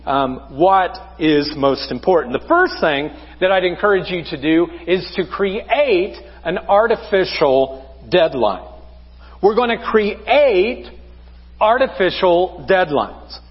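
A man's voice: high-pitched, breathy edge, long reverb tail, highs cut off. A man preaching a conversational sermon as pastor, asking the congregation rhetorical questions. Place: church sanctuary.

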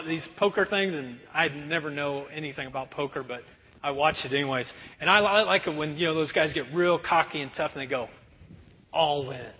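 A pastor preaching a sermon in a conversational, animated way. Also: male voice, a little high. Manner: animated, conversational, acts out prayers. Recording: dull recording with long hall reverb.

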